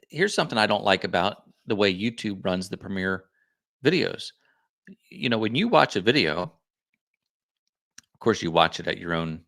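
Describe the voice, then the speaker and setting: A man's voice: on the low side, gravelly, fairly bright tone. A man hosting a casual livestream, rambling and correcting himself as he chats with viewers. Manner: rambling, self-correcting, chatty. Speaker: livestream host.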